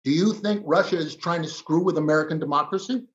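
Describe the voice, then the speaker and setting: A man arguing emphatically as a guest commentator, with dramatic pauses in a heated political debate. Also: fairly high pitch. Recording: slightly dull lo-fi audio.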